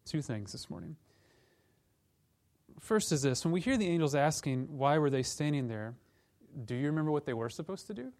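A man's voice: a little high, sing-song, brisk, long pauses, darkish tone. A man preaching a conversational Advent-season sermon as pastor, acting out quoted lines from the scripture story. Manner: conversational, plays out quoted voices of disciples and angels.

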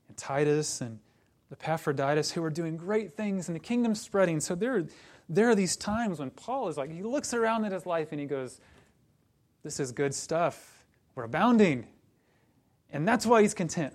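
A male pastor preaching in a relaxed, conversational way. His voice sits a little higher than most men's, and it grows lively when he acts out a story. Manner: conversational, animated when retelling stories. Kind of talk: sermon.

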